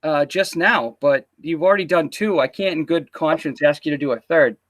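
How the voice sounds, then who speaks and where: A man's voice: on the high side, moderate pace, fairly bright tone. A man hosting a casual livestream interview, teasing and swearing loosely as he chats into a computer mic. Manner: teasing, profane, loose banter.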